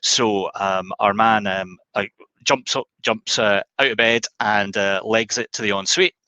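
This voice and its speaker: A man's voice: fairly low pitch, unhurried, sharp tone, no room sound, highs cut off. A man hosting a webinar, chatty and self-deprecating, telling a joke with lots of ums. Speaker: webinar host. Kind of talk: casual joke-telling and sign-off.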